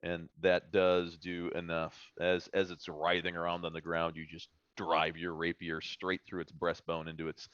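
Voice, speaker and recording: A man narrating a tabletop game as game master, halting with fillers and restarts as he describes the scene. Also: deep voice, monotone, fairly bright tone, no echo. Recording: dull, lo-fi stream audio.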